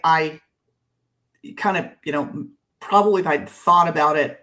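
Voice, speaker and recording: A woman's voice: deep voice, a bit bright. Rambling woman podcast co-host. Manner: self-deprecating, rambling. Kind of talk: casual podcast conversation.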